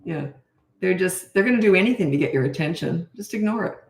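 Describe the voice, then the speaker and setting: A woman's voice: lowish voice, expressive, fast talker. A woman in her sixties, a parenting coach, answering viewer questions in a blunt, emphatic and opinionated way. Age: 60s. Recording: echoey room.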